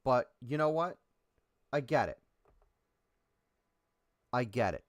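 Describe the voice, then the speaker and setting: Ranting man with a lively pitch. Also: slow, no room sound, clean studio sound. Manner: emphatic, ranting, provocative. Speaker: podcast co-host. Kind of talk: casual chat.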